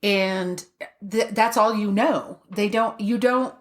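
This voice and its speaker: A woman co-hosting a podcast in casual chat, retelling a show with halting restarts. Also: medium pitch. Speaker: podcast co-host.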